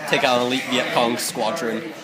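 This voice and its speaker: A man narrating a tabletop game as game master, relaxed, laughing often, with lots of fillers, and loud crowd chatter behind him. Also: mid-range voice, moderate pace.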